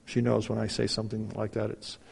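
A middle-aged man preaching a personal testimony, telling his story in a lively way and acting out the dialogue. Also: on the low side, brisk, gravelly, breathy edge. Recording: reverberant hall.

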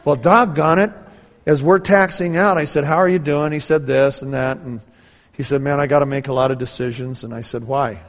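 A man in his sixties telling a story in a sermon, moving from hushed talk to loud preaching. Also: medium pitch, steady tone, brisk. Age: 60s. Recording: long hall reverb.

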